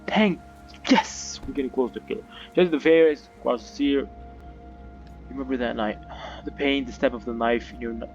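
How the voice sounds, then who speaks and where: A man playing a story game on video, reading its text aloud and reacting in an excitable, chatty way, with lots of fillers and restarts. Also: mid-range voice, moderate pace, lo-fi sound, soft background music. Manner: excitable, chatty, many fillers and self-corrections. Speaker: gaming video host.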